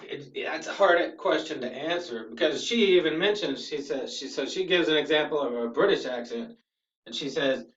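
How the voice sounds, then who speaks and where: A man's voice: a little high, moderate pace, a bit bright. A man teaching a class, explaining things patiently and often checking in with "okay?". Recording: echoey room from a distance, dull sound.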